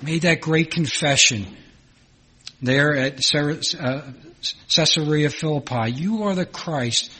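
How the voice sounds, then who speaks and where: Male preacher, Philadelphia accent, somewhat high voice with a breathy edge, earnest, repeats lines for weight. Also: takes it slowly, sharp tone, low-quality recording. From Philadelphia, United States. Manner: earnest, repeats phrases for emphasis. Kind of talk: sermon.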